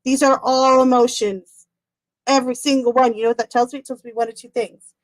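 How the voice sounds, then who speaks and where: A woman's voice: high-pitched, steady tone, a little fast. A woman reading tarot on a casual livestream, chatty and rambling, who laughs often and swears casually. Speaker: tarot reader.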